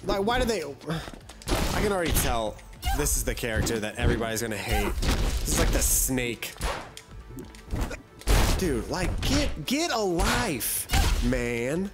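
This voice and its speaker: A man giving live, excitable gameplay commentary, swearing and trash-talking his opponent. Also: mid-range voice, a little slow, long pauses. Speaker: gamer. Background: loud game music.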